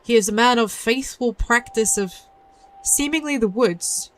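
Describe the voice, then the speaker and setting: A woman's voice: a little high, unhurried, a little hiss or hum. A woman giving playful, chatty commentary as a VTuber playing a mystery game. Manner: chatty, playful, giggly asides. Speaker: VTuber streamer. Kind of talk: casual gameplay commentary.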